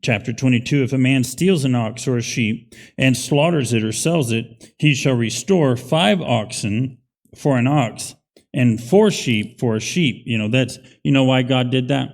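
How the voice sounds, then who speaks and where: A man's voice: mid-range voice, unhurried. Man preaching in a reverberant hall. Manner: conversational, emphatic preaching with rising intensity. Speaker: pastor. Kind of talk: sermon. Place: church sanctuary.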